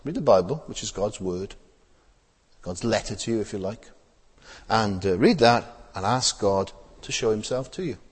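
A man's voice: lowish voice, animated, moderate pace, breathy edge, long reverb tail. A man preaching a sermon in a plain, conversational way, with many rhetorical tag questions and frequent hesitations and repeated words.

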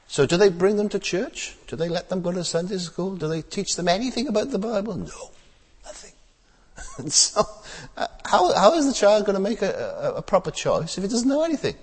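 A man gives a sermon in an easy, conversational way, full of rhetorical tag questions. He often stalls, hesitates and repeats words before pressing on. His voice is a little husky and its pitch moves a lot, with a long hall echo trailing behind it. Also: sing-song, fairly quick. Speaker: preacher.

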